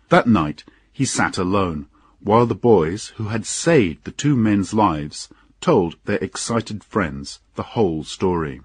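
Male audiobook narrator, husky and dry, slow measured delivery. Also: low voice, no echo. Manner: unhurried, expressive storytelling.

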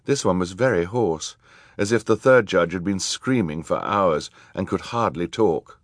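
Low-voiced man narrating a story. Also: dry recording, studio quality. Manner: measured, wry storytelling. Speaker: audiobook narrator. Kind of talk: scripted narration.

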